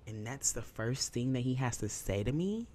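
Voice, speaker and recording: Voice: mid-range voice, sing-song, moderate pace, mellow, a little hiss or hum. A young adult podcast host telling a personal story, candid, emphatic and profane, heavy on fillers, emotional and holding back tears.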